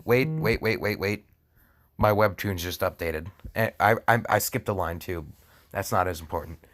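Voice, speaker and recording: A man's voice: on the low side, a bit bright. A young man reading a fan story aloud for comedy, breaking off into sarcastic asides, laughing often and stumbling over words. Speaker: fan fiction reader.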